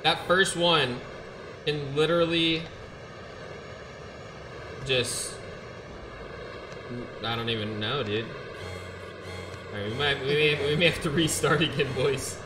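A young man streaming a game live, excitable and trash-talking, shouting when he gets frustrated, on a gaming headset. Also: mid-range voice, takes it slowly, long pauses, roomy sound, background noise.

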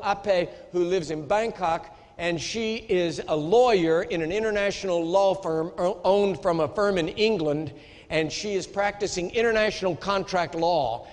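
An American man preaching a sermon, telling a story with emphatic storytelling that rises into outrage. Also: sits high. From United States. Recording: echoey hall.

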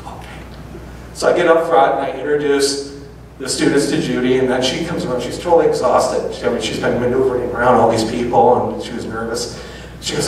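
A male public speaker tells a personal anecdote in a storytelling lecture, animatedly acting out each person's quoted lines. His pitch is ordinary and mid-range. Recorded from far off in a large auditorium, the sound is very echoey, with heavy reverb and faint noise beneath.

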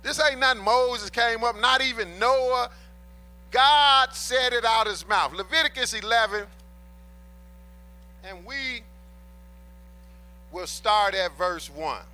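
This pastor's voice is very high-pitched, bright and forceful, and he speaks slowly with frequent pauses. His sermon is emphatic and colloquial, circling back to key points while addressing the congregation as brothers and sisters.

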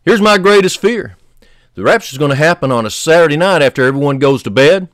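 A man's voice: expressive, brisk, no room sound. Fervent male preacher, dry close sound. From United States. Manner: fervent preaching, rising loud on key points, dropping low and soft. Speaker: pastor. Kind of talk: sermon.

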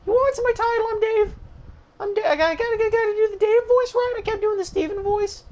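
A man putting on a high, stammering voice for his wrestler character while gaming. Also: brisk, a little mellow. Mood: whiny. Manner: stammering and worried. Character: squeaky, scatterbrained male wrestler.

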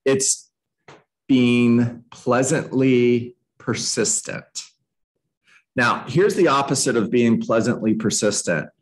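An emphatic man at a medium, everyday pitch, coaching a room of real estate agents. He drives his points home by repeating them and by acting out both sides of sample phone calls. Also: takes it slowly, low-quality recording. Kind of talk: live training talk.

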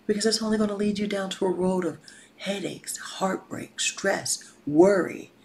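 A woman gives a motivational talk as a life coach, with a gravelly voice. She often drops to a whisper to stress a point and slips into casual slang, repeating her lines like a preacher. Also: medium pitch, moderate pace, a little mellow, a little hiss or hum, poor audio.

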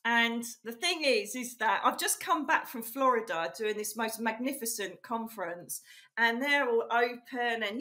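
A woman's voice: on the high side, lively intonation, measured pace, bright, forceful tone. A middle-aged woman from England, a psychic medium, telling her life story in a chatty, emphatic way, full of "you know" and "literally". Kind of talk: casual storytelling interview.

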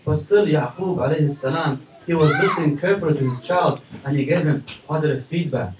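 A man giving a sermon to a community audience, telling stories and asking the audience questions, swinging between loud and soft. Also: on the high side, fairly quick, noisy background. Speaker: imam giving a lecture. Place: mosque hall. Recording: echoey hall, mic at a distance.

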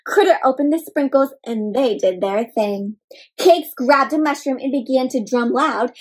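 A woman reading a picture book aloud to young children in an animated way, often stopping to ask them questions. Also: high voice. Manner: animated, asks the listeners questions, gasps. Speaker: storyteller for children. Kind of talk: interactive read-aloud for kids.

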